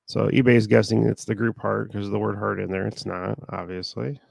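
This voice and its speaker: A man with a gravelly, somewhat low voice talks in a flat monotone, a sore throat weighing on it. He rambles casually as he works at his computer. The sound is close and dry. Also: fairly quick, no room sound. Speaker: online reseller. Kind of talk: casual talk while working.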